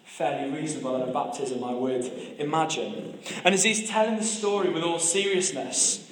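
A man's voice: fairly high pitch, normal speed, roomy sound. A man preaching a sermon, telling stories with humor and often restarting his phrases. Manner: storytelling with humor and repeated restarts.

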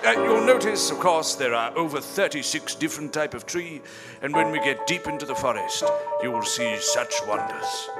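A man playing a bumbling, self-deprecating German huntsman in an improvised comedy audio drama, deadpan and halting, with music behind. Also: fairly high pitch. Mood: bemused.

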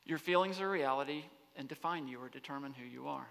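A man giving an animated talk to students on a campus, often asking the audience rhetorical questions. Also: mid-range voice, fast talker, vocal fry. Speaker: speaker. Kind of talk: lecture-style talk to students. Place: large hall on a college campus. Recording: long hall reverb.

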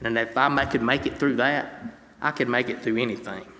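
A man's voice: medium pitch, fairly even intonation, a little fast, bright, forceful tone, a little hiss or hum. A young man from North Carolina in his twenties giving an earnest, conversational faith testimony to a congregation and reading scripture aloud. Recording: long reverb of a large hall.

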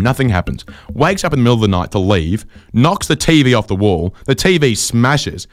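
Man, comedy host, deadpan, rambling stories, medium pitch, faint music behind. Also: no echo, clean studio sound. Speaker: podcast host. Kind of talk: comedic storytelling and chat.

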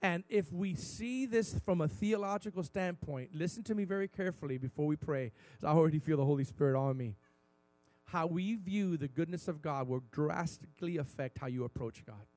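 A male pastor preaching a sermon, talking candidly and then building to loud, emphatic declarations. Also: a little high, brisk, no room sound, faint music behind.

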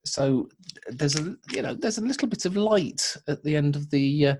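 A man's voice: a little high, lively intonation, moderate pace, darkish tone, slight background noise. A man co-hosting a podcast, chatting casually and rambling through jokes and restarts. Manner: rambling, joking, with many restarts. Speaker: podcast co-host. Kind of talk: casual chat.

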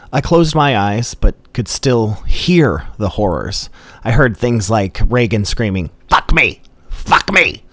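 A man's voice: fairly low pitch, dry recording. A man telling a comedic personal story in a dry, matter-of-fact way. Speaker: storyteller host.

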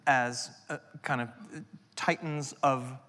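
A woman interviewing a guest on stage in front of a live audience, with halting restarts and playful interjections. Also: a bass voice, steady tone, a bit bright. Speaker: interviewer, author. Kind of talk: onstage interview conversation. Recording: long hall reverb, heard from the mic's distance.

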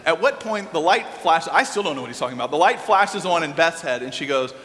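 High, bright-voiced storytelling pastor. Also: male voice, fast. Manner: animated, lively storyteller. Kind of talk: storytelling sermon. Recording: long hall reverb.

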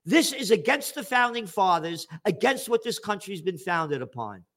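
A man's voice: high voice, big pitch swings, normal speed, fairly bright tone. An older man hosting a commentary show, ranting angrily and sarcastically with lots of swearing. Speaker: show host. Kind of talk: angry political commentary.

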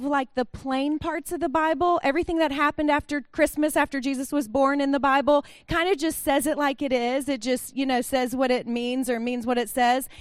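High-voiced woman preaching casually. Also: dry recording, clean studio sound. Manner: chatty and conversational, with acted-out quotes. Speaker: pastor. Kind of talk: sermon.

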